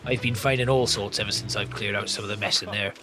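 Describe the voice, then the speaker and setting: Man doing an old seaside man, chatty, rambling, low voice, game background music. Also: fairly even intonation, quick pace, lightly acted. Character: old male seaside shed keeper, chatty.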